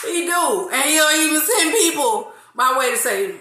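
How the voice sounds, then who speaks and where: A woman in her forties hosting a casual faith talk, lively, laughing often and drawing out some phrases. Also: high-pitched, normal speed, hardly any pauses, roomy sound, slight background noise. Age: 40s. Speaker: host of an online faith talk.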